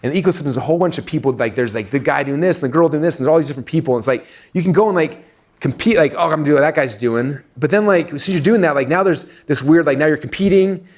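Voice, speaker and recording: A man with an American accent giving a live seminar talk to an audience in a fast, casual way, full of "like" and "right?". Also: on the high side, darkish tone. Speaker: speaker teaching marketing to an audience.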